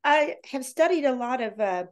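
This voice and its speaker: A woman's voice: high voice, animated, normal speed. A woman author speaks as a guest in an interview. She talks with heartfelt, earnest emotion about faith, and she restarts and repeats words as she gathers herself.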